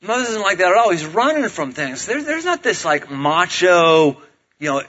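Brief: casual, joking male pastor, bright and fairly high. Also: moderate pace, highs cut off. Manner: casual, humorous, animated preaching. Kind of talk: sermon.

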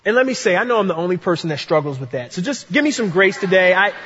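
Guy preaching a sermon, kinda husky higher voice, long echo off a big room. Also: sing-song, fast, fairly bright tone, highs cut off. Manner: earnest, repeats key phrases for emphasis. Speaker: pastor.

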